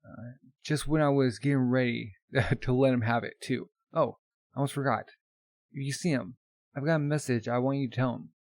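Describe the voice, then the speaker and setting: A man voicing a gruff, matter-of-fact old grandmother mechanic. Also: medium pitch, moderate pace, a little mellow, no echo, close to an everyday voice.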